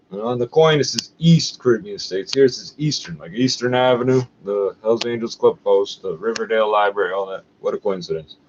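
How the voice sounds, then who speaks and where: A Canadian man rambling and swearing as he looks up an old coin in a catalog for a vlog. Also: mid-range voice. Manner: profane, rambling, thinking aloud. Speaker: vlogger. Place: at home. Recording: slightly dull with faint background hiss.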